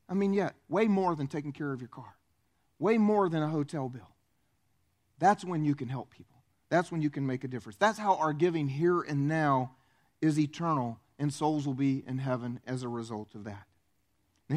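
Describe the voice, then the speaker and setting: A man pastor preaching a sermon, animated and acting out the voices he quotes. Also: a little high.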